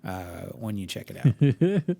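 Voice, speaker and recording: This podcast co-host has a lowish, gravelly, dark voice and speaks slowly but with great animation. Chatting casually and enthusiastically, he laughs often and stumbles through fillers and restarts.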